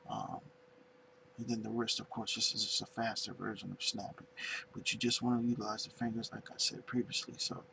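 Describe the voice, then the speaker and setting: Slow gravelly man teaching finger drumming. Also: medium pitch, bright, forceful tone, a little hiss or hum, rough recording. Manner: unhurried, searching for words, demonstrating on pads. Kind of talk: casual tutorial demonstration.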